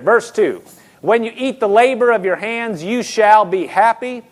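A high-pitched man delivering a sermon, animated and conversational. He stumbles and restarts as he talks straight to his congregation, like a pastor chatting from the pulpit. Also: unhurried. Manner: acts out quoted people in his own voice.

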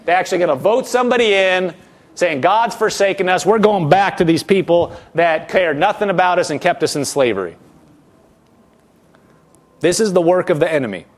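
A man with a notably high voice preaches through a scripture passage verse by verse. He reads the text, then breaks off to act out the people's complaints in a whiny tone before pressing his point. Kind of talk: expository sermon reading scripture.

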